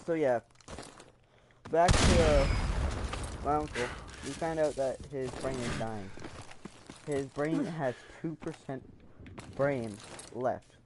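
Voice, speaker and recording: A man's voice: mid-range voice, takes it slowly, long pauses, background noise. A man vlogging, telling a personal family story in a rambling, emotional way, with fillers and acted-out quotes. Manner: acts out quoted voices. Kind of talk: casual storytime.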